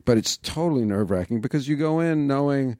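A man's voice: medium pitch, expressive, fast talker, darkish tone, no room sound. A man as a podcast guest, talking in a reflective, self-deprecating, wry way in casual interview chat on a close mic.

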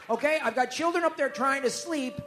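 A man playing an irate middle-aged neighbor who complains in a blustering, swearing way during an improvised comedy bit. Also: very high voice.

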